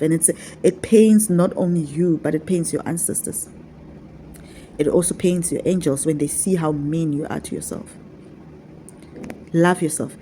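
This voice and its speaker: A woman's voice: low voice, dark tone, a little hiss or hum. A woman talking to her viewers as a spiritual teacher, repeating her points in a coaxing, affectionate way. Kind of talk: casual vlog teaching.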